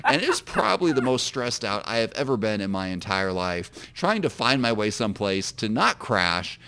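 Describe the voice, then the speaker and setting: A man's voice: fairly low pitch, sing-song, normal speed, vocal fry, pushed and bright, clean tone. Self-deprecating man telling a rambling story. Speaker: podcast co-host and author. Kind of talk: casual comedic podcast storytelling.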